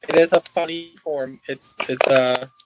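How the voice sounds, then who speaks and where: A man co-hosting a podcast as a therapist, speaking thoughtfully with many pauses and fillers. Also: mid-range voice, fairly even intonation, heavy background noise. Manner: thoughtful, halting, lots of fillers. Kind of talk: reflective podcast conversation.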